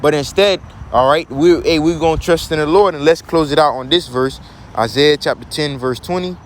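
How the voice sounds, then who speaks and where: A man's voice: a little high, normal speed, slight background noise. Man preaching with rhetorical questions. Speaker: teacher. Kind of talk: scripture teaching.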